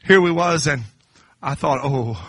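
A middle-aged man preaching a sermon, dropping to low confiding talk and then rising to high shouted crescendos. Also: normal speed, slightly rough, dry recording, clean studio sound.

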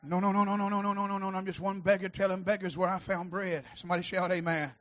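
A man preaching a sermon as pastor, shouting out his lines with rising fervor and dropping low between peaks. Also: flat delivery, fast talker, highs cut off.

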